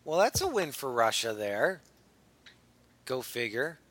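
A man hosting a casual comedy podcast, blunt and quick to swear, laughing easily as he hands off to his co-hosts. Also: medium pitch, big pitch swings, a bit bright. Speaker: podcast host.

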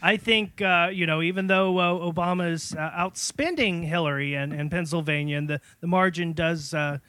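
Hesitant male podcaster, high, bright voice, halting delivery. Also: steady tone, clear, resonant tone. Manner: hesitant, many uhs and restarts. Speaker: co-host answering a question. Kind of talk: casual comedy podcast chat.

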